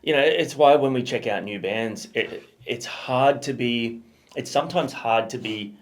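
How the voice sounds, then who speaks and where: A man's voice: medium pitch, normal speed. A man co-hosting a music reaction show, thinking aloud in a rambling, casual way with many fillers and restarts.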